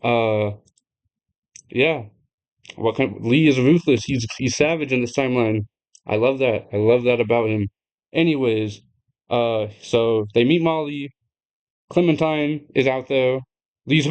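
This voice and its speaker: Excitable young man retelling a game. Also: medium pitch, moderate pace. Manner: excitable, laughs often, swears freely; chatty, addresses viewers directly. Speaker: gaming video creator. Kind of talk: casual retelling of a game story.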